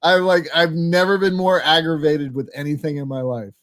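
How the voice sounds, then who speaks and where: A man's voice: a little high, steady tone, normal speed, crowd noise. A man hosting a movie podcast, trading wry, joking asides in casual chat. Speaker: podcast host.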